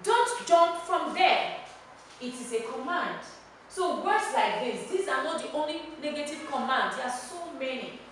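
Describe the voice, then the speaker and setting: A woman's voice: high voice, animated, normal speed, fairly bright tone, slight background noise. Nigerian woman teaching in an echoey classroom. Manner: emphatic, repeats key words for drilling. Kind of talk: classroom lesson. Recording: echoey room, mic far off.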